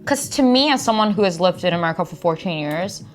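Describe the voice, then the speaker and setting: A woman's voice: fairly low pitch, expressive, quick pace, faint music behind. A woman in a casual chat as a streamer guest, giggly and full of "like" fillers. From Japan.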